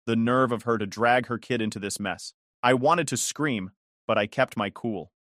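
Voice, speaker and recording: A man's voice: medium pitch, lively intonation, moderate pace, a bit bright, dry recording, clean studio sound. A man narrating a dramatic first-person story in an indignant, emphatic way.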